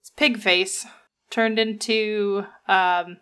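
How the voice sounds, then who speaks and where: A woman's voice: mid-range voice, fairly even intonation, extremely slow, fairly bright tone, clean tone. Wry woman podcaster. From American South. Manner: wry, joking, playful. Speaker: podcast co-host. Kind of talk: casual chat, reading researched notes.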